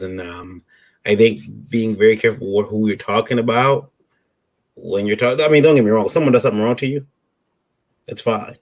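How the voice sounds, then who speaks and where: A man co-hosting a casual chat, talking in a measured, hesitant way with many pauses and restarts. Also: fairly low pitch, steady tone. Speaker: podcast co-host.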